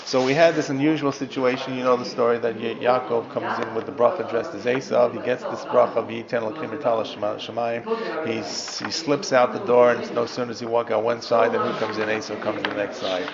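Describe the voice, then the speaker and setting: Reading Hebrew lines aloud and then breaking them down step by step, a rabbi leads his students through a Torah text class. He talks a little fast in a level, mid-range voice, and the dull lo-fi audio picks up class chatter.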